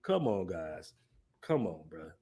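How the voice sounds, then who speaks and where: A man's voice: low-pitched, sing-song, slow pace, dark tone, husky. A man hosting a casual livestream, reading chat comments aloud and laughing through his commentary. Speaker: livestream host.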